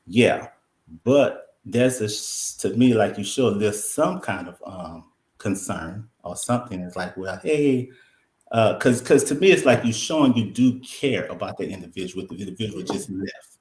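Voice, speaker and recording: A man co-hosting a casual chat about a reality show, making his point in a measured, halting way. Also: lowish voice, animated. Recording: echoey room.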